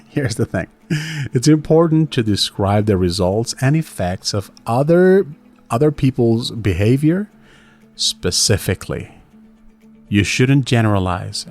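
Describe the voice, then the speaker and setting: A man hosting an English lesson podcast, talking casually and often asking "right?" while he acts out short example phrases. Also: mid-range voice. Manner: chatty, lively, fillers like right and you know, acts out example lines. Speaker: English teacher, podcast host. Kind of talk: casual instructional talk.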